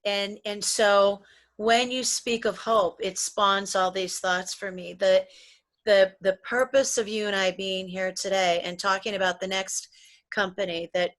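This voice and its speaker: A woman's voice: medium pitch, a bit bright. Earnest middle-aged woman, preachy wellness talk. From United States. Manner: earnest, preachy, repeats words when starting sentences. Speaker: podcast co-host, psychologist. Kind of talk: motivational wellness chat.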